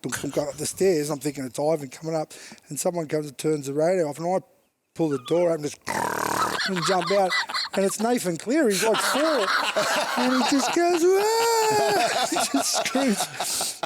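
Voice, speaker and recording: A man's voice: high-pitched, very animated, brisk, noisy background. A middle-aged Australian man, a guest on a chat show, telling stories and laughing often as he swears his way through them. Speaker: podcast guest, former rugby league player. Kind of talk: casual chat, storytelling.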